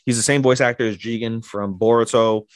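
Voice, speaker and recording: A man's voice: medium pitch, fairly even intonation, brisk, no room sound, clean studio sound. A man hosting an anime podcast who chats casually and swears a lot while he recaps episodes in a rambling way. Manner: rambling, profane, with lots of fillers and restarts. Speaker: podcast host.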